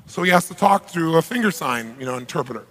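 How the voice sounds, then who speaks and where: A man giving an energetic live seminar talk, often putting questions to the audience. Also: fairly high pitch, fast. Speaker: motivational seminar speaker. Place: large seminar hall. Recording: live hall reverb.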